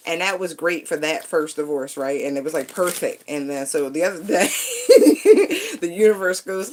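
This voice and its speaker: A woman's voice: on the low side, darkish tone, slight background noise. Laughing middle-aged woman telling stories. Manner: laughs often, loose and playful. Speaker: vlogger. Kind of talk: casual storytelling monologue.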